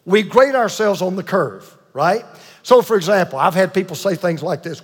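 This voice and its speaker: A man's voice: high-pitched, moderate pace, long reverb tail. A man preaching a sermon with emphatic delivery, repeating key points and calling on the congregation to answer. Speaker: pastor.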